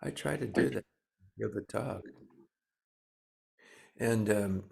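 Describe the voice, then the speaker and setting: An older man in his seventies gives a dharma talk in a low voice with a heavy gravelly fry. He moves slowly and gently, stopping often to search for words. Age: 70s. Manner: slow, gentle, pausing with many fillers. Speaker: Zen teacher.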